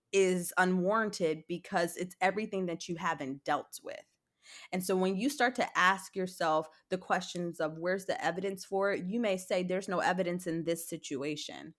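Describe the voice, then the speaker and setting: Woman psychologist giving calm advice. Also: fairly low pitch. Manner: explanatory, animated when acting out examples. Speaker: psychologist guest. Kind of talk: conversational advice.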